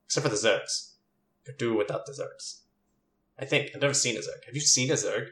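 A man's voice: medium pitch, brisk, a bit bright, natural voice. A sneaky, eager young man who rambles and trips over his own sentences, as a man plays him. The voice sits in a roomy, echoing space. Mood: curious. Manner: rambling, hesitant, full of restarts. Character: young male cousin, sneaky, eager, chatty. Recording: roomy echo.

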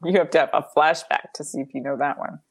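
A woman with a somewhat low voice playing a tabletop game. She chats casually and giggles often. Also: fairly even intonation, fast talker. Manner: giggly, playful. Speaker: player.

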